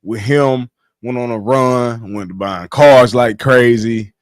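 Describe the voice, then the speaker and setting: A man on a casual livestream, telling his life story in animated slang, swearing freely. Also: medium pitch, slow pace, clean tone, no room sound, studio quality.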